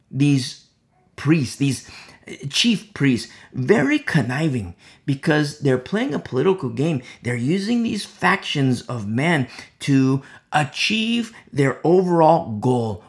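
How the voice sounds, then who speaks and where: A man giving a conversational verse-by-verse sermon as a Bible teacher. He is emphatic, repeats key phrases and drops many "you know" asides. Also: mid-range voice.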